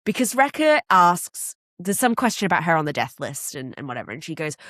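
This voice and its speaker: A woman's voice: fairly low pitch, fairly quick, few pauses, dry recording, studio quality. A woman co-hosting a podcast, chatting casually and acting out what people said as she retells a show. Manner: animated storyteller who acts out quotes. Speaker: podcast co-host.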